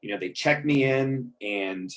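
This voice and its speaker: A man's voice: medium pitch, measured pace, low-quality recording. A middle-aged man candidly telling his own recovery story in a conversational, emotional way, with many ums and restarts. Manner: emotional, chokes up at moments. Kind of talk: personal storytelling.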